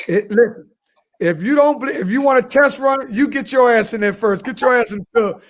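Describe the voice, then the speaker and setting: A man's voice: extremely high pitch, brisk. A man co-hosting a comedy podcast, giving crude advice in a boastful, repetitive way and laughing at his own jokes. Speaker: podcast co-host.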